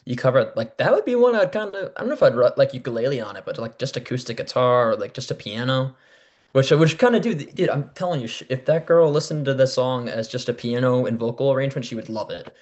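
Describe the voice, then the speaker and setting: A young man in casual conversation on a podcast, animated and loose. He talks with plenty of fillers and drops the odd swear word. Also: mid-range voice, fast, muffled recording. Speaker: podcast co-host. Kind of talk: casual chat.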